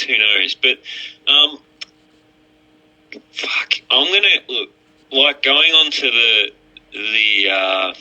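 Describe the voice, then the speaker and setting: Gravelly, bright-toned man on a lo-fi mic. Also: on the low side. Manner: crude, stammering restarts. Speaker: podcast guest. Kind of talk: casual podcast chat. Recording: lo-fi muffled mic.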